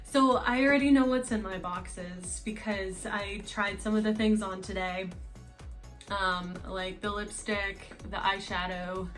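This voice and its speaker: A woman's voice: mid-range voice, steady tone, unhurried, fairly bright tone, faint music behind. A woman with a Russian accent chatting casually through a makeup box unboxing, rambling with lots of fillers. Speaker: beauty vlogger.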